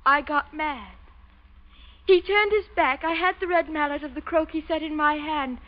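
A woman's voice: high voice, moderate pace, highs cut off, lightly acted. A woman playing a frightened tearful young daughter. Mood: distraught. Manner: tearful, trembling, pleading.

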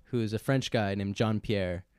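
A young man in his twenties telling a story in casual chat, breaking into loud impressions and laughing as he goes. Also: fairly low pitch, normal speed, clean tone, dry recording, studio quality. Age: 20s.

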